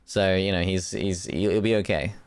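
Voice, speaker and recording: A man's voice: deep voice, fairly even intonation, moderate pace, clean tone, no room sound. A young man from Europe chatting casually as he hosts a live stream watch party, rambling with many fillers and restarts.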